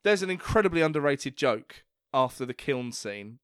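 A man chatting casually as a podcast co-host, laughing often and breaking into loud put-on voices. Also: mid-range voice, animated, normal speed, clean tone, no room sound, clean studio sound. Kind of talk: casual chat.

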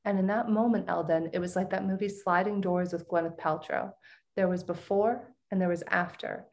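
A middle-aged woman, a podcast guest, telling a personal story in a lively, expressive way and laughing often. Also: fairly low pitch, moderate pace, creaky.

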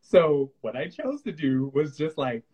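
A man's voice: on the high side, unhurried, husky, rough recording. A man co-hosting a podcast, chatting casually about spirituality and acting out his own reactions as he tells stories. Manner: animated storyteller who acts out his own reactions. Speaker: podcast co-host.

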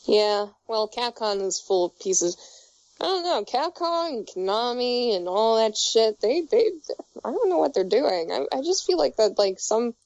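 A young woman in casual chat, her voice a little high and slightly muffled. She rambles, restarts her sentences and swears freely. The recording is dry, with no room sound. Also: sing-song, unhurried, darkish tone, no room sound.

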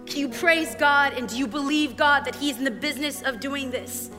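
Woman preacher, high voice, animated sermon, church hall reverb, soft music behind. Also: a little fast. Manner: animated, acts out voices in quotes. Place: church sanctuary. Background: soft worship music.

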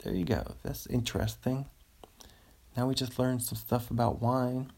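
A man's voice: mid-range voice, moderate pace, gravelly, mellow. A man hosting a casual solo podcast, rambling and easily amused, chuckling as he reads material aloud. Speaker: podcast host.

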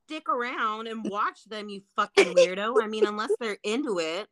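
A woman's voice: medium pitch, animated, normal speed, a bit bright. A woman co-hosting a podcast in casual chat, blunt and emphatic, swearing freely. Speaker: podcast co-host.

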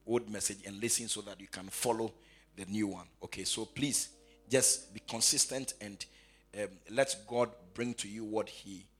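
A man preaching a sermon who repeats his phrases and swings from quiet asides to shouted, sing-song proclamation. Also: lowish voice, slightly rough.

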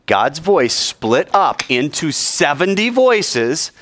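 A man teaching a live group, lively and joking, acting out quoted lines as he explains. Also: fairly high pitch, takes it slowly, no room sound. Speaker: Bible teacher.

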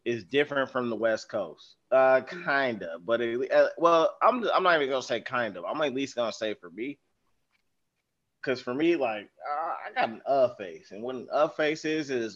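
A man from California, a podcast guest, talking in a playful, animated and sarcastic way in casual chat. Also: mid-range voice, moderate pace, muffled recording.

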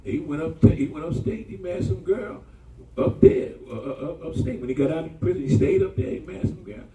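A man preaching in a high, lively voice, swooping up and down as he tells stories to his congregation. His tone is dark and mellow, and he sounds set back from the mic in an echoey church. He talks in a loose, colloquial way. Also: a little fast. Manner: animated, colloquial, calls out to the congregation. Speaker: pastor. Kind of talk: sermon storytelling. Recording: echoey room from far off.

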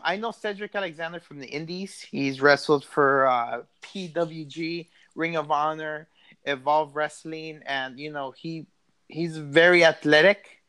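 A man's voice: a little high, pushed and bright, clean tone. A man co-hosting a casual chat, easygoing, hesitant with frequent fillers, now and then swearing. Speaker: podcast co-host.

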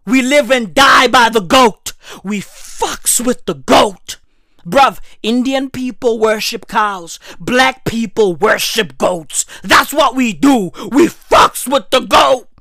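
A woman delivering a loud, profane comedic rant that keeps breaking into shouts. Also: fairly high pitch, expressive, slow pace, dry recording, studio quality. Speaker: vlogger.

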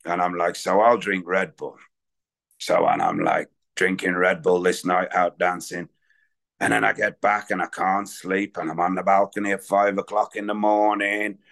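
A man's voice: low-pitched, level tone, normal speed, creaky, a bit bright. A man speaking candidly and in a rambling way at a recovery meeting, sharing his own story. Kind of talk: personal recovery share.

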